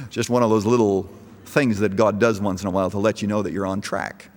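A middle-aged man preaches a sermon, moving from easy storytelling to emphatic calls. His pitch swings widely as he builds. A long echo from a large hall trails each line. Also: lively intonation, normal speed. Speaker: pastor.

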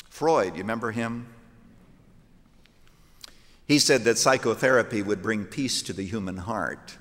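A man's voice: mid-range voice, moderate pace, a bit bright. A man preaching a sermon, emphatic and rhetorical, putting questions to his listeners and quoting scripture in old-fashioned wording. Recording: long hall reverb from a large room.

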